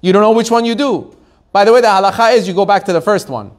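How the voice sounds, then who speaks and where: A man, a rabbi, teaching a Torah class to a live audience, animated, asking the room questions and laughing often. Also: high voice, fast.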